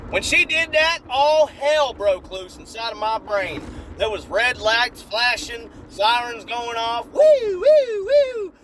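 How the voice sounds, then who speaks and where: A man telling a brash, animated comedic story in a casual way, recorded in a parked car. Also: extremely high pitch, slow, hardly any pauses, a little hiss or hum, low-quality recording. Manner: animated, brash, shifting into voices.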